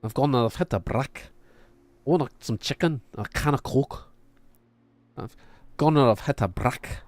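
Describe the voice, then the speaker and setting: A man's voice: medium pitch, moderate pace, dry recording, voice pushed up, natural voice. A man doing a rambling Geordie bloke. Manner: rambling, self-correcting. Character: gruff northern English man, impression of an actor.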